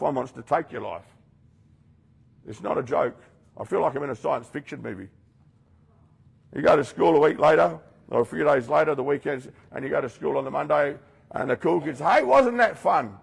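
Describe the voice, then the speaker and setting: A rehab program leader addresses residents directly in a confronting, no-nonsense talk, performing the voices of those he quotes. He has a gravelly mid-range voice with a breathy edge.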